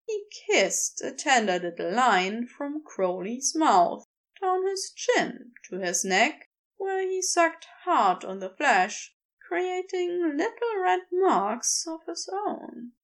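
A woman narrating a romance story in a slow, expressive reading. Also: on the high side. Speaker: fan fiction reader. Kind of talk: scripted narration.

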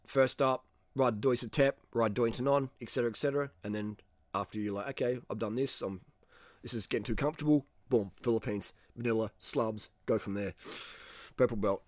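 A middle-aged man with an Australian accent, talking straight to the viewer in a blunt, animated way and swearing freely. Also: medium pitch, no room sound, clean studio sound. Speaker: travel vlogger. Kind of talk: casual monologue.

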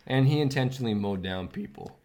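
A man's voice: medium pitch, lively intonation, brisk, darkish tone. A man co-hosting a casual commentary chat, telling stories in an earnest, preachy way.

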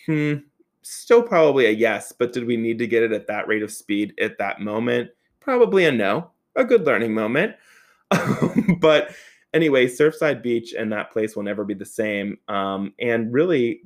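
A man telling a personal story in a casual, animated way, swearing often and laughing as he goes. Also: medium pitch.

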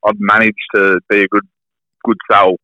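Young Aussie bloke, bright punchy voice, candid and sweary, guesting on a podcast over a dull muffled line. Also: male voice, on the low side, flat delivery, moderate pace, dry recording. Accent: Australian. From Australia. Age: young adult. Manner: candid, laughing, swears freely. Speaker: guest, professional fighter. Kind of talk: casual podcast interview.

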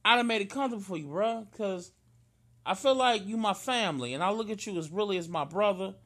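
A man's voice: high voice, brisk, a bit bright. A man telling a heartfelt story in casual slang to a close friend. He is tearful and earnest. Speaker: friend in conversation.

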